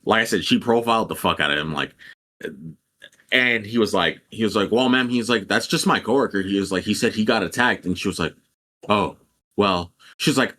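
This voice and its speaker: A man's voice: on the low side, a little fast, fairly bright tone. Profane young man telling a story. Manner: rambling, profane, quotes people animatedly. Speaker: podcast co-host. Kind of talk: casual storytelling.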